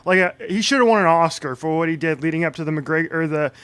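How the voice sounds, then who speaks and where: A man's voice: a little high, fast talker, fairly bright tone, clear, resonant tone. A man co-hosting a sports talk show, giving casual, opinionated takes with an amused tone.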